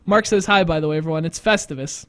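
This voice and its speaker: A man with a high-pitched voice hosts a casual live stream. He rambles through his stories with plenty of self-mockery and quick laughter. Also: fairly bright tone, clear, resonant tone. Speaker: host. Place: studio.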